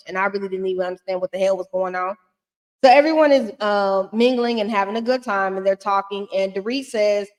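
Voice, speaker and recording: Blunt, sassy woman in a reverberant room. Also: medium pitch. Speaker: reality TV recap host. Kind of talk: casual recap commentary.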